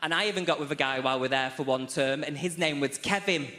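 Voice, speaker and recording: Bright, chatty man doing stand-up. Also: fairly high pitch, quick pace. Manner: chatty, camp, teasing the audience. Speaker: stand-up comedian. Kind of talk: stand-up routine. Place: large theatre stage. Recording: echoey theatre.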